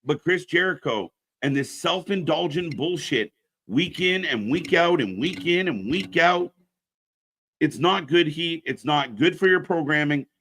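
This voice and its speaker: Brash, bright-voiced wrestling stream host. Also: male voice, expressive, a little slow. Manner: blunt, ranting, swears freely; pitches channel shows to viewers. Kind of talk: casual live-stream commentary.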